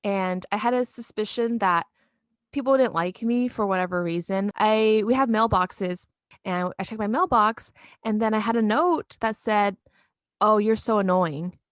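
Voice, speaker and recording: A woman in her twenties, co-hosting a podcast, telling a story in an animated way and swearing freely. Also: medium pitch, moderate pace, dry recording, studio quality. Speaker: podcast co-host. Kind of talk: casual chat.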